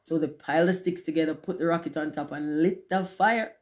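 A storyteller gives a storybook read-aloud in a steady, measured voice. The narration keeps an even storytelling pace between the characters' lines. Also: medium pitch.

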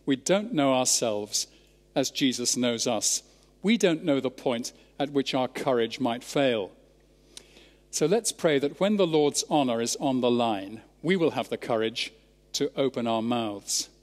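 A Scottish man preaching a sermon, expounding scripture in a measured, emphatic way. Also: medium pitch, expressive. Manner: measured, emphatic Bible exposition. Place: large church. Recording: church sermon with long reverb.

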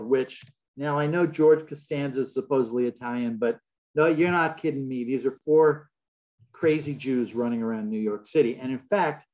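A man's voice: medium pitch, darkish tone. A man giving an illustrated public lecture in a large hall, telling stories with a wry, joking manner.

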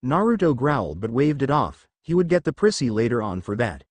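A man narrating a fan fiction adventure story in a steady storytelling manner. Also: mid-range voice, fairly quick, no room sound.

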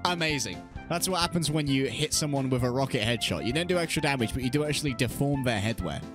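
A man's voice: mid-range voice, expressive, quick pace. A man giving comedic, sarcastic voice-over commentary on an esports match, swearing and laughing as he goes. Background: background music.

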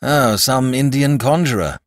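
Narrator voicing a jolly skeptic doctor, blunt and hearty, loud. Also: male voice, on the low side, very animated, moderate pace, no room sound, studio quality. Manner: hearty and dismissive.

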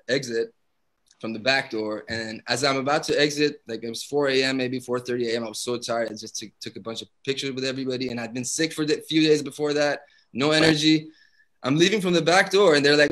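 A man's voice: medium pitch, bright, forceful tone, poor audio. A young adult man, a rapper from Iran, telling a story in a casual live interview, acting out the quotes and laughing often. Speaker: guest rapper.

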